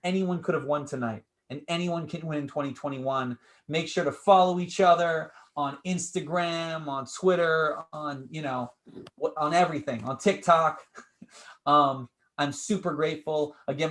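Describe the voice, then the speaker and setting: A man hosting a competition livestream, announcing the results with energetic hype and repeating his phrases, heard over a video call. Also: a little high, moderate pace. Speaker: competition host.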